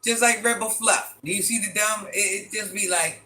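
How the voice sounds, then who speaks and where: A man, chatting casually on a livestream, animated and exasperated, firing off rhetorical questions and laughing often. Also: high voice, normal speed. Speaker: livestream host reading chat.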